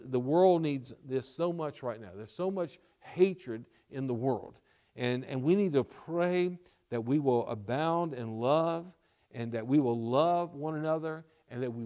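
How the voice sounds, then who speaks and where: A man's voice: mid-range voice, mellow. A male pastor preaching a sermon, repeating key lines for emphasis and checking in with the congregation with "okay?" and "all right?".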